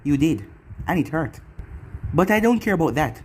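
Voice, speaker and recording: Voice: medium pitch, big pitch swings, moderate pace, slight background noise, lightly acted. A narrator voicing a caring young male ninja who comforts his girlfriend in a fan story reading. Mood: tender. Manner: soothing, reassuring.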